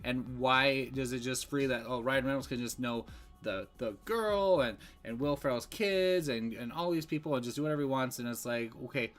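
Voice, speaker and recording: A man's voice: medium pitch, moderate pace, fairly bright tone, soft background music. A man giving a casual, rambling movie review, full of fillers and restarts.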